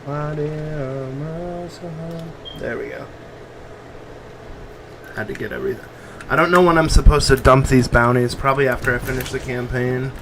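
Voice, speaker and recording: A man's voice: mid-range voice, fairly even intonation, brisk, pauses often, background noise. A man streaming a video game in casual, joking commentary, sometimes swearing and reading the on-screen text aloud.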